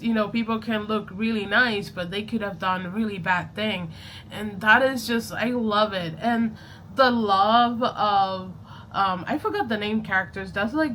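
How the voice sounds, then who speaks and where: A woman's voice: mid-range voice, bright, forceful tone, a little hiss or hum. A young woman vlogging in a casual, rambling way, often correcting herself and laughing as she chats about journaling and a series she is watching. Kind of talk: casual chatty vlog.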